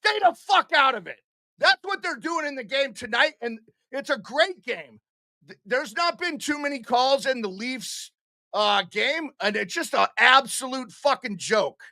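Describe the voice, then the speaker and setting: A man hosting a live hockey stream, ranting angrily at the referees with heavy swearing and frequent shouting. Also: very high voice, lively intonation, unhurried, dry recording, clean studio sound. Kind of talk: angry live hockey commentary.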